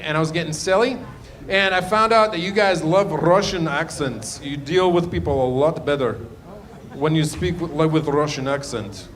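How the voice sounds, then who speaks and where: A man's voice: on the high side, a bit bright. A man doing loose, rambling stand-up crowd work in a comedy club, trailing off into muttered asides.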